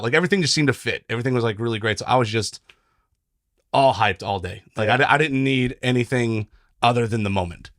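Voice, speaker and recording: A man's voice: lowish voice, a bit bright, no echo, clean studio sound. A young man, a musician guest, telling stories in a rambling, emotional, casual way. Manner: fast, rambling, emotional storytelling with restarts. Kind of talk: casual chat.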